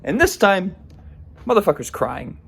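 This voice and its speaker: A man's voice: high-pitched, wildly swooping pitch, unhurried, gravelly, slightly rough. Man rambling through a funny story. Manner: rambling, self-deprecating, frequent restarts. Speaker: vlogger. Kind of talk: casual storytelling vlog.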